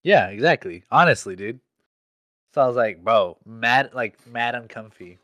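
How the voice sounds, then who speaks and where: A man's voice: mid-range voice, expressive, moderate pace, fairly bright tone, no room sound. A young man in casual chat, telling a work story in slangy speech full of "like". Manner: slangy storytelling, heavy use of "like".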